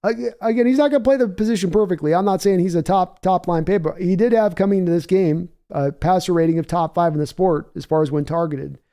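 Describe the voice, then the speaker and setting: A man's voice: sits high, fast, hardly any pauses, mellow, smooth. Opinionated man streaming game commentary. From United States. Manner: reads viewer chat aloud and answers conversationally; opinionated, analytical, rambling. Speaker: livestream host. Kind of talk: live game reaction commentary.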